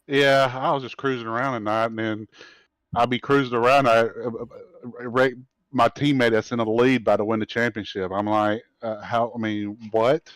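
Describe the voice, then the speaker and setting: A man who runs the racing league and drives in it, giving a halting post-race interview and often repeating his words. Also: mid-range voice, flat delivery, a bit bright, no room sound.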